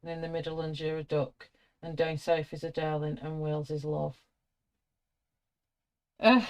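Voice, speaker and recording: A woman's voice: low-pitched, steady tone, unhurried, pauses often, a little mellow. A middle-aged woman with a British accent, chatting casually and narrating her work as she colours. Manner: chatty, self-narrating, friendly. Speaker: colouring artist. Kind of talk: casual chat while colouring.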